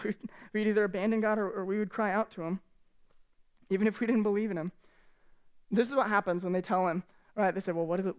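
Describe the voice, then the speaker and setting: A woman's voice: lowish voice, darkish tone. A woman pastor giving a sermon from a church stage, earnest and conversational, speaking candidly to the congregation.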